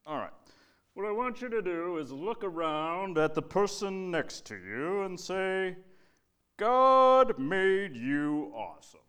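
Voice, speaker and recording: A man voicing a cheerful male church puppet who preaches a children's sermon in a put-on Southern preacher accent, with a showy, drawn-out delivery. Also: sits high, lively intonation, clear, resonant tone. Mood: playful.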